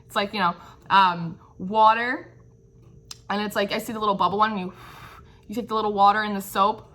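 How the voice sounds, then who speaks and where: Speaking a little fast in a steady, slightly bright medium-pitched voice, this woman delivers an intuitive tarot reading. She thinks out loud and gropes for the right words, frequently checking in with "right?" while offering warm affirmation.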